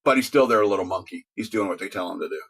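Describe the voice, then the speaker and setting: A man's voice: deep voice, fast, creaky, a bit bright, slightly rough. A middle-aged man hosting a talk radio show, rambling casually, joking, laughing often and restarting his words.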